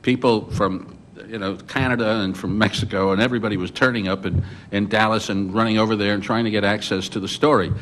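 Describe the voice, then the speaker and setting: Older man, low voice, animated storytelling, frequent restarts, faint rumble behind. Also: a little fast, few pauses. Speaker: journalist panelist. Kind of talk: recounting reporting memories on a panel. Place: conference hall.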